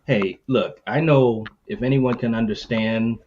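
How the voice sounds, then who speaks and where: A man's voice: medium pitch, steady tone, unhurried, a little mellow, highs cut off, slight background noise. A man hosting a casual horror podcast, laid-back and chatty, with many fillers and friendly asides. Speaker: podcast host.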